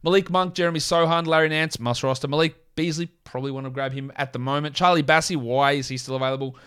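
A man with an Australian accent hosting a solo fantasy basketball podcast, rattling off player lists and quickly correcting himself. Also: a little high, steady tone, fairly bright tone, clear, resonant tone. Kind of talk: casual solo podcast talk.

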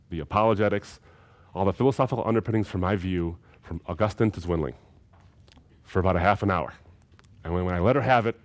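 A man delivers a recorded seminary lecture in a fairly low voice. He talks emphatically, and he often repeats a phrase to drive the point home.

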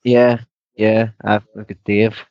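A young man with a Northern Irish accent, soft-spoken and relaxed, laughing easily as he chats. His voice sits fairly low and comes through a dull, lo-fi remote line with a dry sound. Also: takes it slowly, no room sound. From Northern Ireland. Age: young adult. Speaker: guest, downhill mountain bike racer. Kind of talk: casual interview chat.

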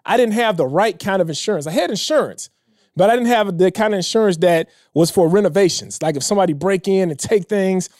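A man in his thirties telling a personal story in a casual, emotional way, dropping low and quiet when he quotes others. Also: a little fast, dry recording, studio quality. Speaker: podcast guest.

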